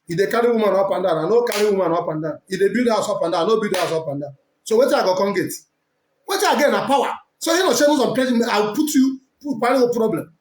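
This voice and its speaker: A man with a Nigerian accent preaching forcefully as a prophet, switching between English, Pidgin and Igbo. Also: high voice. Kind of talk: preaching to camera. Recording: echoey room.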